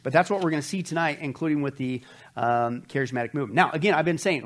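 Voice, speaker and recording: A man with a slightly high voice leads a Bible study in a loose, conversational sermon style. He presses his points with emphasis and keeps turning to his listeners with rhetorical questions. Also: fast.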